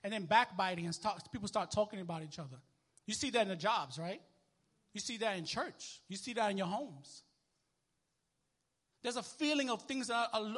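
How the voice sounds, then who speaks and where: A man preaching a sermon as minister, conversational and animated, checking in with the congregation as he goes. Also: high voice, breathy edge. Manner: animated, conversational preaching with sports illustrations and call-and-response. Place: church.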